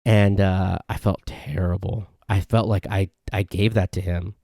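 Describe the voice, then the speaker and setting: A man's voice: low-pitched, steady tone, unhurried, mellow, no room sound, clean studio sound. A man hosting a casual solo podcast, telling rambling stories and often correcting himself. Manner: rambling, self-correcting storytelling. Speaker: podcast host. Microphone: podcast mic.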